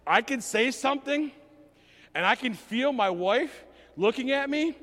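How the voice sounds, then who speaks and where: A pastor delivers a sermon in a rather high-pitched voice, emotional and animated, frequently stumbling and restarting sentences. He speaks unhurriedly, and long reverb carries his voice through a church hall.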